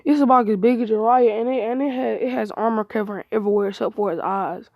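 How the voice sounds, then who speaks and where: A woman's voice: on the high side, steady tone, fast talker, gravelly, no room sound, lo-fi sound. A woman casually improvising a fan-fiction story, rambling with frequent restarts and slangy grammar.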